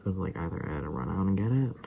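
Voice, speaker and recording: A man rambling casually to camera in a vlog, often dropping into a soft whisper. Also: deep voice, expressive, rapid-fire, gravelly, highs cut off, a little hiss or hum. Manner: loose and rambling, full of fillers and asides. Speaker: vlogger.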